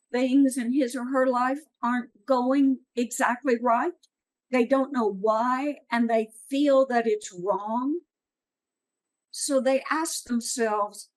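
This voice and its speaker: A woman's voice: on the high side, rough recording. A middle-aged woman giving an earnest, encouraging talk at a writing workshop. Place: meeting room.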